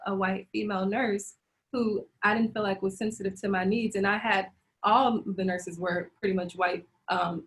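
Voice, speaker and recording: A woman's voice: mid-range voice, a bit bright. A woman speaking candidly and emotionally as a panel guest, telling a personal story with frequent laughs and restarts over a video call. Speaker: panel guest sharing birth experience.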